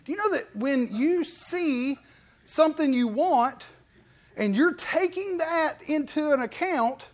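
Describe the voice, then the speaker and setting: A pastor preaching a casual, folksy sermon, animated and full of playful asides and quick put-on voices. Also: male voice, extremely high pitch.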